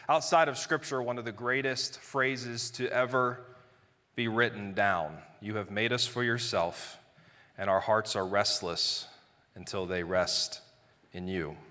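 A man's voice: medium pitch, sharp tone. A man preaching a sermon in a conversational way, acting out everyday exchanges. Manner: conversational preaching with playful acted-out quotes. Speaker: pastor. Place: large church hall. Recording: live sermon with hall reverb.

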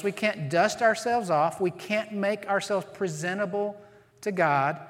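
A man preaching a sermon as pastor, earnest and emphatic, slowing down to stress key phrases. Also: high-pitched, fairly bright tone. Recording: long reverb of a large hall.

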